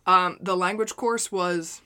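American woman with a low voice. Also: steady tone, a little slow, sharp tone. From United States. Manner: casual, frequent "like" and "um", wry asides. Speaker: news co-presenter. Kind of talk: news reading and casual chat.

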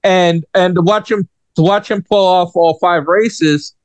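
Guy hosting a racing talk show, kinda high voice, rambly and laughy. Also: fairly even intonation, unhurried, no room sound. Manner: rambling, laughs often, many fillers and restarts. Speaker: radio show host. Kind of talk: casual chat.

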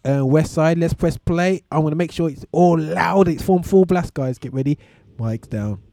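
A man's voice: a little high, normal speed. Stammering man hosting radio. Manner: stammering, restarts, laughs a lot. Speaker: radio show host. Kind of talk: casual banter on live radio.

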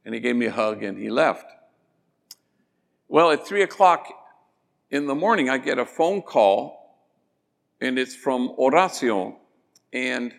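A man, a priest, telling stories in a gentle, slow sermon-like talk that drops to soft endings. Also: medium pitch, creaky. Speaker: priest and speaker. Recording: long reverb of a large hall.

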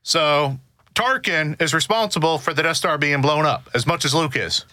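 A man talks through his ideas in a relaxed discussion, circling back and restarting as he builds each point. His voice is bright and forceful, and it sounds dry and close to the mic. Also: a little high, normal speed, no echo. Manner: earnest, explains at length with many restarts. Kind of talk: casual discussion.

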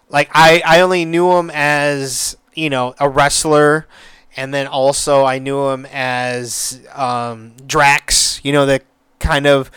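A man talking on his own podcast in a loose, rambling way, restarting phrases and cursing often. His voice sits a touch high and sounds smooth and resonant. The sound is close and dry, with no room around it. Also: fairly bright tone, no echo. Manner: rambling, repeats words, swears freely. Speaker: podcast host. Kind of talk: casual solo podcast chat.

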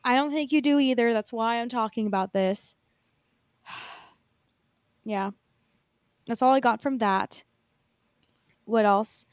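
A woman's voice: a little high, takes it slowly, long pauses, dry recording, studio quality. A young woman co-hosting a podcast in casual chat, rambling with lots of fillers and casual swearing. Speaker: podcast co-host.

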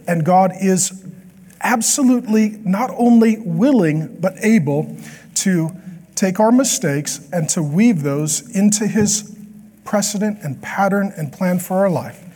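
A man preaching a sermon as a pastor, with lively, joking asides to the congregation. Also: high voice, takes it slowly, breathy edge. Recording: long hall reverb.

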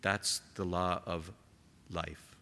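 A man preaching a sermon to a gathered congregation, impassioned, rising to emphatic peaks and dropping to soft, quiet lines. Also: low-pitched, little pitch movement, slow pace. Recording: long hall reverb.

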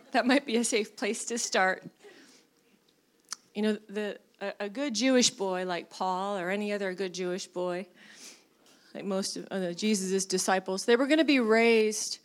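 A woman's voice: mid-range voice, measured pace. A woman preaching a sermon in a conversational way, with fillers and laughs, rising to emphatic bursts.

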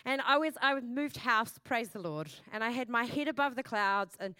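A woman pastor delivers a sermon in a bright, forceful voice pitched a little high. She is lively and chatty, throws in self-mocking asides and keeps asking the congregation questions. The sound is close and dry. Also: moderate pace, clear, resonant tone, dry recording.

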